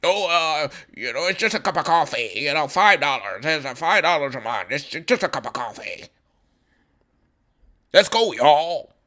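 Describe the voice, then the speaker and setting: A man's voice: fairly high pitch, sing-song, normal speed, pushed and bright, pitched below the performer's own voice. A man putting on a whiny, sing-song voice to caricature a male podcaster. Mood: mocking whine.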